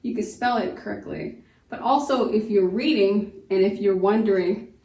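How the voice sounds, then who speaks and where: A woman teaching a phonics lesson, slowly sounding out the syllables of words. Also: mid-range voice, warm tone, recorded from a distance. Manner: slow, stretched sounding-out of syllables. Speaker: homeschool teacher. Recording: echoey room, voice off-mic.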